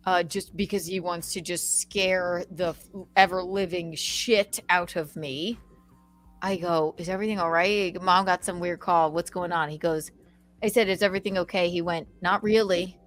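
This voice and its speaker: Young female podcast host, bright and animated storyteller, swears a lot, faint music bed. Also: on the low side, normal speed. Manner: animated storytelling, swearing, acting out quoted calls. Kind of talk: casual chat.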